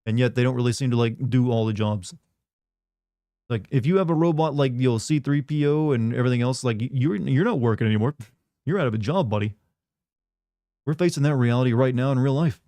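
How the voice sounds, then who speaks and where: A man's voice: medium pitch, brisk, warm tone, no echo. A man streaming a game, chatting casually with viewers in a rambling, sardonic way. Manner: rambling, sardonic, many "like" fillers.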